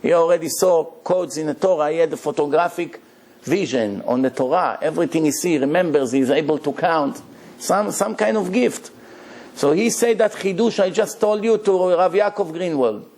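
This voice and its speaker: Animated rabbi giving a Torah lecture. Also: male voice, on the high side, normal speed. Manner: animated storytelling with rhetorical questions; non-native English grammar.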